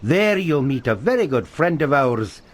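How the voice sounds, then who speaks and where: A man's voice: medium pitch, sing-song, normal speed. An actor playing a mysterious male guiding voice, giving cryptic instructions.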